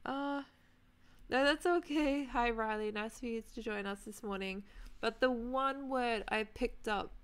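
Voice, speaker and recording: A woman's voice: on the high side, a little slow, smooth. A young Australian-accented woman streaming a game and chatting casually with viewers, greeting them by name as she goes. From New Zealand, raised in Australia. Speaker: gaming streamer. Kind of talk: casual live-stream chat.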